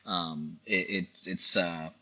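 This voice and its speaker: A man narrating as game master of a tabletop game, halting with many restarts. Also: low-pitched, steady tone, bright, forceful tone, poor audio.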